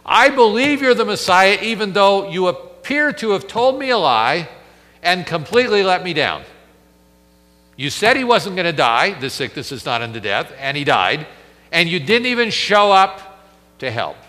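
A man's voice: high voice, sing-song, moderate pace, pushed and bright, long reverb tail, voice pushed up, heavily acted. A man voicing a grieving woman reproaching her friend. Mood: reproachful. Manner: pleading, accusing.

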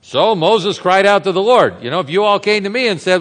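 A man's voice: high voice, animated, a little fast, a bit bright, big-room sound. A man preaching an expository sermon in a conversational way, often putting rhetorical questions to the congregation. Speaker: pastor.

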